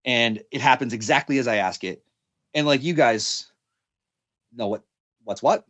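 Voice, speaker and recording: A man's voice: mid-range voice, moderate pace, fairly bright tone, no echo. A young man, a podcast guest, telling a story in a casual, rambling way, full of fillers and restarts.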